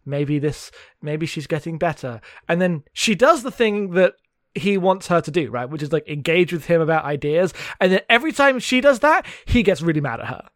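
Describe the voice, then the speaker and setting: A man's voice: high-pitched, big pitch swings, fairly quick, fairly bright tone, no echo, clean studio sound. A man co-hosting a casual book discussion, sarcastic and swearing freely as he mockingly acts out the characters. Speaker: podcast co-host.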